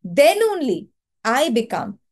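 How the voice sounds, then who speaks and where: A woman's voice: high-pitched, big pitch swings, slow, darkish tone. A woman with an Indian accent leading an online training webinar, talking in an earnest, coaching way and repeating words for emphasis over a video call mic. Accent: Indian English.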